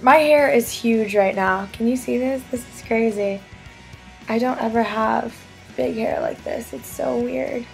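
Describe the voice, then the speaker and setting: A woman's voice: a little high, gravelly. Chatty giggly young woman vlogger. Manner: chatty and giggly, lots of filler words. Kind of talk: casual chat to camera.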